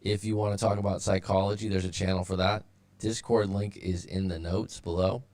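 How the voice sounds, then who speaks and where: A man with a low, gravelly voice gives breakup advice on a casual live stream. He rambles with fillers and restarts, and his audio turns robotic now and then. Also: little pitch movement, a little fast, a little mellow. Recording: sounds robotic at times.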